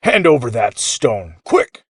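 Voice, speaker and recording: A man voicing a magical echo that roars a boy's bossy commands back loudly. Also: medium pitch, big pitch swings, slow pace, slightly rough, clean studio sound, exaggerated voice. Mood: roaring. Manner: loud, roaring commands.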